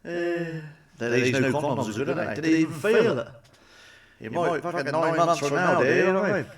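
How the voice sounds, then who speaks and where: A man's voice: a little high, moderate pace, recorded from a distance. A man doing crude stand-up one-liners, swearing a lot and asking the listener for agreement. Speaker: stand-up comedian.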